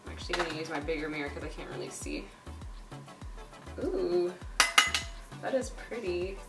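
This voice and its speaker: A young female beauty vlogger with a medium-pitched voice chats casually and bubbly through a makeup tutorial, using plenty of fillers. She sounds distant and a bit off-mic in a roomy, echoing space, with faint music playing in the background.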